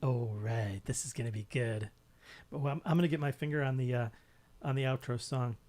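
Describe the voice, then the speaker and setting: A man co-hosts a live chat show from his home, joking and wandering off on tangents as he stumbles over words. His voice sits at an ordinary middle pitch. He keeps the tone loose and playful throughout. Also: steady tone, a little fast, a little mellow. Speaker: co-host. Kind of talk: casual chat.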